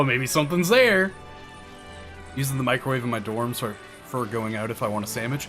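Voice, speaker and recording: A man's voice: mid-range voice, very animated, brisk, a bit bright. A man streaming a game, chatting casually with viewers and explaining tactics, swearing now and then. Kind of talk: casual gameplay commentary. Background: game music.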